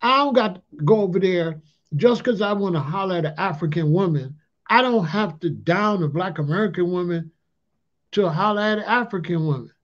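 With a brisk delivery and a voice that sits high, a man gives a casual ranting monologue on a talk channel. He uses loose street slang, frequently tagging on "allegedly" and "you know what I'm saying," in a dull lo-fi recording.

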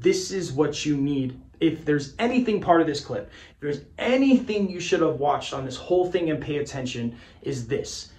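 Male business coach, slightly high-pitched, blunt and emphatic motivational delivery to camera. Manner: punchy, emphatic, repeats phrases, swears casually. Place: indoor office with a whiteboard. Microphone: camera mic.

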